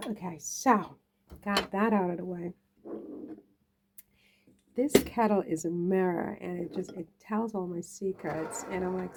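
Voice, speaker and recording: While cooking at home, a woman talks casually to her camera, joking, rambling and laughing at herself. She speaks a little slowly in a lowish voice, leaving long pauses. Background noise is audible.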